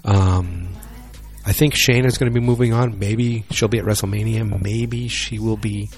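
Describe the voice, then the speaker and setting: Male vlogger, lowish voice, loose rambling delivery with self-mocking jokes. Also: steady tone, moderate pace, soft background music. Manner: rambling, joking, self-deprecating. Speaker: solo wrestling vlogger. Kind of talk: casual rambling chat.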